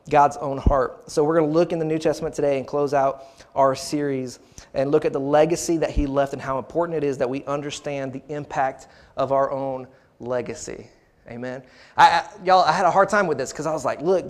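Pastor guy preaching, voice a bit on the high side, keeps repeating himself and asking amen. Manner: repeats phrases, calls out to the congregation. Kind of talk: sermon.

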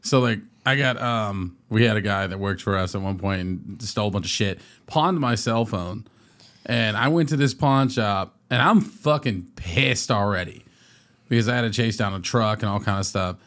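A man's voice: on the low side, moderate pace, a bit bright. Profane man telling a story. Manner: profane, storytelling with put-on quotes. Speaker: podcast co-host. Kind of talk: casual chat.

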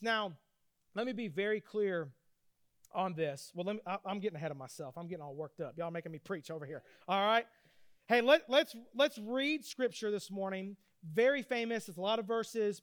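A man preaching a sermon, telling stories with energy and reading scripture slowly. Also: high voice, clean tone, dry recording, studio quality. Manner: animated storytelling preacher, reads scripture slowly. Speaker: pastor.

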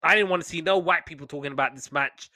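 Bright, gravelly-voiced animated man. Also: fairly high pitch, fast, no room sound. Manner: animated, playful, jumps into voices. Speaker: podcast co-host. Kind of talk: casual chat about wrestling.

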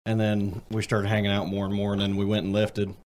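A man's voice: on the low side, monotone, fairly quick, background noise. A young man hosting a casual podcast, talking loosely and joking around with his friends. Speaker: podcast host.

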